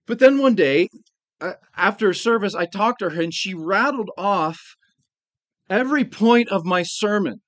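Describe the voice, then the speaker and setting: A pastor preaching in an earnest, measured way, slowing down to lean on the phrases that matter. His voice sits a bit high for a man. The sound is dry and close, with little room around it. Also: expressive, a bit bright, no room sound. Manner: earnest, slows down to stress key phrases. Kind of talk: sermon.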